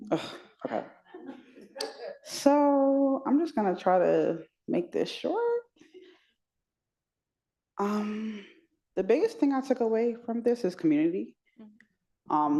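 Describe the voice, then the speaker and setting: A woman speaking candidly but a little awkwardly to a dinner group, growing softer as she reflects. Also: on the low side, lively intonation, measured pace, lo-fi sound. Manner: self-conscious, candid, softening to near whisper. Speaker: dinner guest.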